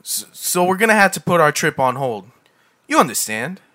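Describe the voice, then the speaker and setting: A man playing an evasive absent father in an amateur scene reading, speaking low and offhand. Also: very animated, moderate pace, pushed and bright.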